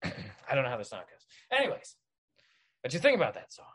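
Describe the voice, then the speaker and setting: A man talks the listener through a parody guided visualization. His delivery is deadpan and mock-soothing, slowing for the breathing cues. He rambles and trips over his own restarts. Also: medium pitch, slightly rough. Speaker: podcast host.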